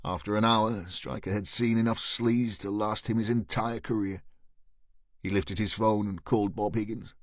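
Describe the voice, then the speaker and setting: A man narrating a crime thriller audiobook in a measured, even reading. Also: fairly low pitch, no room sound, studio quality. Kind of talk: scripted narration.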